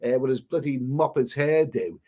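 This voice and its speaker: A man's voice: mid-range voice, normal speed, dull audio. A man hosting a travel live stream, reading viewer comments aloud and rambling in an exasperated way. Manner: rambling, exasperated, swears mildly.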